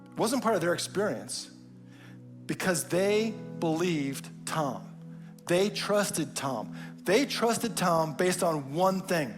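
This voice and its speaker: A man in his forties giving a sermon, telling a personal story, often dropping to a soft low voice for emphasis. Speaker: pastor.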